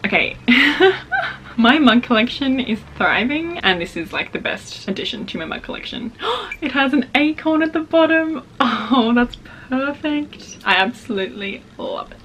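A woman's voice: high-pitched, sing-song, unhurried, a bit bright, a little hiss or hum. A young woman filming a book unboxing, gushing and gasping as she shows each item. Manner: gushing, gasps often, repeats "oh my gosh". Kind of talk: excited unboxing chat.

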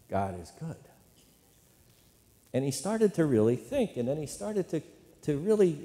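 A male pastor gives a sermon in a mellow, warm voice with a middle pitch. He speaks conversationally, leads call-and-response with the congregation and keeps asking "right?". The sound carries a long reverb, as in a church sanctuary.

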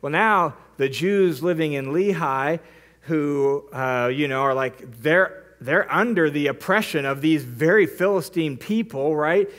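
High-voiced man teaching a Bible story. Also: unhurried. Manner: lively, conversational retelling with frequent asides. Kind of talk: casual storytelling lesson.

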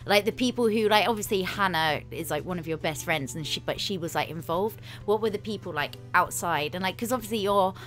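A woman's voice: fairly low pitch, a little fast, few pauses, fairly bright tone, faint music behind. A woman hosting a casual chat, rambling and giggly, with lots of "like" fillers. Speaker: host interviewing a guest.

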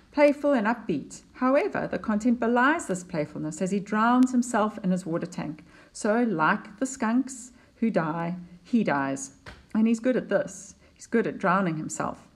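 Unhurried woman teaching a poem. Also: fairly low pitch. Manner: explanatory, unhurried, with fillers and restarts. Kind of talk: poetry lesson over slides.

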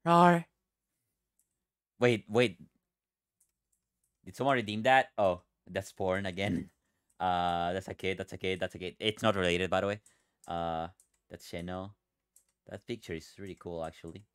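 A man livestreaming, chatting with his viewers in an excitable, rambling way, stammering and swearing. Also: sits low, normal speed, pauses often, clean tone, dry recording, studio quality.

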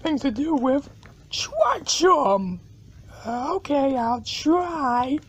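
Slow, high-voiced woman doing playful voices. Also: big pitch swings, dull audio.

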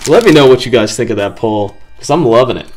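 A man hosting a casual video, chatting excitedly to viewers as he opens packs of cards. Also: medium pitch, fast, faint music behind. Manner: excited, upbeat, addresses viewers. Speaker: card-opening video host.

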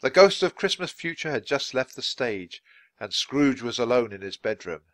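A man reads a children's chapter book aloud at a natural pace for English learners. His reading is clear and expressive, with lively rises and falls. The recording is close and dry. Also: mid-range voice, moderate pace, dry recording. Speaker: storybook reader.

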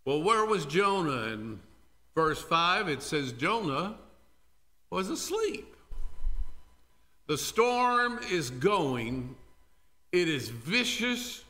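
A man's voice: on the high side, sing-song, slow, sharp tone. A male pastor preaching a sermon in a church worship service, telling the story dramatically and speaking directly to the congregation.

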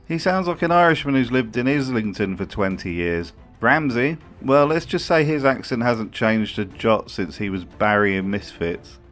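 A man's voice: mid-range voice, animated, normal speed, hardly any pauses, fairly bright tone, faint music behind. Sardonic British-style male commentator. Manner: sardonic, swearing, wry. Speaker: video host. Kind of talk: comedic voice-over commentary.

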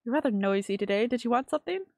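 A woman's voice: a little high, animated, racing, a little mellow, no echo, studio quality. A woman reading out an aloof bookish boy.

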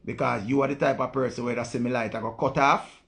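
A man's voice: mid-range voice, fairly even intonation, fast talker, vocal fry, a bit bright. A man with a Jamaican accent, hosting a live stream and talking casually to viewers in blunt, profane patois.

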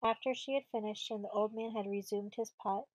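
A woman reading a storybook audiobook aloud in a measured, steady way, close to the mic. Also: medium pitch, dry recording, rough recording. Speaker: audiobook reader.

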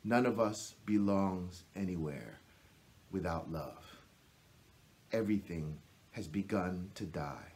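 A man reading his own poem aloud in a slow, measured way, pausing often and letting his line ends fall soft. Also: low voice, expressive. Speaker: poet. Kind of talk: poetry reading.

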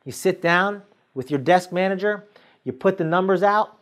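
A man's voice: high voice, normal speed, a bit bright. A man giving a motivational sales training talk, coaching the listener directly and acting out sales scenes with quoted dialogue.

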